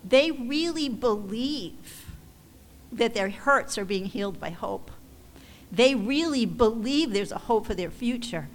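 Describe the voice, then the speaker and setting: A woman leading a ministry, giving a heartfelt church testimony to supporters in a halting, emotional way, often restarting her sentences. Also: a little high, animated. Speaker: ministry leader addressing supporters. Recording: long hall reverb, faint background noise.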